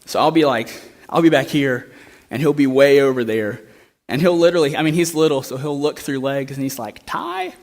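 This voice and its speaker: A man's voice: mid-range voice, a little fast. A young man preaching a sermon, telling a story in a conversational way that builds to impassioned pleas.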